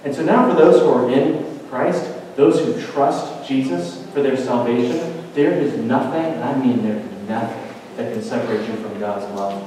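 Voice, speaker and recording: A man preaching a sermon, building to intense climaxes and dropping to hushed, quiet emphasis. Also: medium pitch, normal speed, slight background noise. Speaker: pastor. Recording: roomy hall reverb, mic at a distance.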